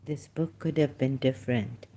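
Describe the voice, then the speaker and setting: A man from Pakistan in a solo live-stream monologue, speaking slowly and haltingly with many hesitations, sometimes dropping to a soft whisper. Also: medium pitch, fairly even intonation. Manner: slow, halting, with many hesitations and trailing asides.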